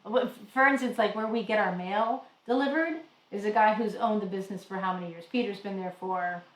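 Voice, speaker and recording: A woman host chatting casually on a live stream, animated and telling stories with acted-out quotes. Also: mid-range voice, a little fast, roomy sound, poor audio. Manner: animated storyteller, acts out quotes loudly. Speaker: travel show host.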